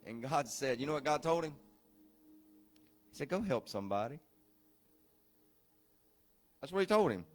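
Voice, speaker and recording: A male pastor delivers a sermon in a loose, conversational way, often repeating words and tossing questions at the room. His voice sits a little high and swings between hushed, slowed passages and loud shouting. Soft music plays faintly behind him. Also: animated. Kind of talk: sermon to a recovery group.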